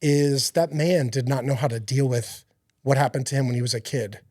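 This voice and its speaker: A man's voice: mid-range voice, fairly even intonation, moderate pace, a little mellow, dry recording, clean studio sound. A man speaking as a podcast guest, giving an earnest, rambling personal faith testimony with many fillers and restarts.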